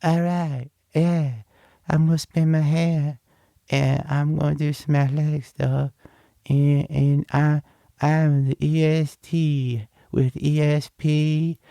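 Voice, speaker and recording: Man doing a bragging, bouncy lady wrestler, voice pitched a bit higher. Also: level tone, slow, vocal fry, dark tone, no echo. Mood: boastful. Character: cocky upbeat female wrestler boasting.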